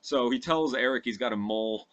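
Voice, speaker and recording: A man's voice: medium pitch, brisk, a bit bright, dull audio. A young man casually retelling a movie plot from memory, rambling and profane with lots of fillers. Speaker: podcast host recounting a movie from memory.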